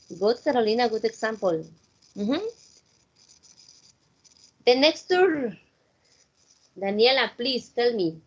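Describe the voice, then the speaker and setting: A woman's voice: on the high side, expressive, a little slow, pauses often, breathy edge. A woman English teacher with a Spanish accent, running a class and mixing simple English with Spanish. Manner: switches between simple English and Spanish, encouraging. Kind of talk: online class instruction. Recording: dull, lo-fi online call audio.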